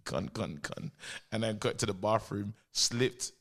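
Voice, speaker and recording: A man's voice: on the low side, a little slow. A man, co-hosting a casual podcast, tells a childhood story with lots of laughter and acted-out quotes. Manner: animated, laughs often, acts out quotes. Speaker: podcast co-host.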